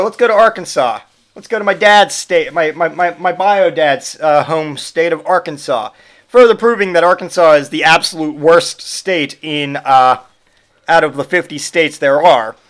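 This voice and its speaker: A man's voice: fairly high pitch, fairly bright tone. A man hosting a podcast, delivering a profane, sarcastic comedic rant. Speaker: podcast host.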